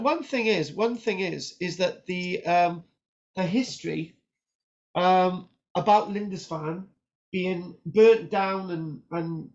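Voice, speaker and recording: A man with a fairly high voice lectures on history in a loose, talkative way. He stumbles over his words, restarts often and keeps asking "right?" The recording is dull and lo-fi. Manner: animated, chatty, frequent restarts and "right?" tags. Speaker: history teacher. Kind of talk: informal lecture with notes on screen.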